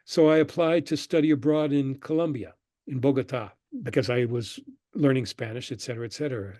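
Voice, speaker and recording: An older man, a guest on an interview show, telling relaxed stories about his past and acting out the people he quotes. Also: medium pitch, a little fast, dry recording, studio quality. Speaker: guest, screenwriter and professor. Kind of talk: conversational interview storytelling.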